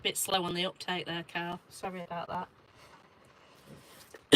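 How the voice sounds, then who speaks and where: A woman's voice: on the low side, slow pace, slight background noise, poor audio. A woman with an English accent hosting a show, telling stories in casual chat and reading viewer comments aloud. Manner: animated storyteller, reads viewer comments aloud. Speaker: show host.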